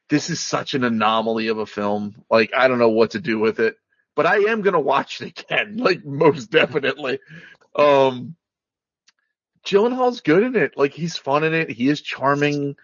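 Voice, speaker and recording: A man's voice: medium pitch, lively intonation, normal speed, fairly bright tone, no echo. A man co-hosting a casual movie review chat, rambling and jokey, with lots of "like" fillers. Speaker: podcast co-host. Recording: dull lo-fi sound, dry.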